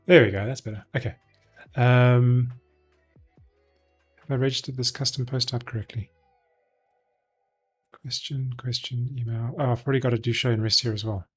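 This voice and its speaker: A man at his desk microphone walks through his coding work for a live stream, thinking aloud in a relaxed, unscripted way. His voice is a little husky and sits at an ordinary middle pitch. Faint music plays quietly behind him. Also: moderate pace, long pauses. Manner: thinking aloud, many ums and self-corrections. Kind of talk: casual live-coding walkthrough.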